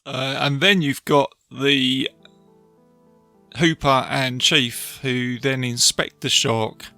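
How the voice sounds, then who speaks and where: A man hosting a podcast, casually retelling a film with animated asides to his listeners. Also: medium pitch, takes it slowly, dry recording, faint music behind. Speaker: podcast host reviewing a film. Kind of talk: casual film review talk.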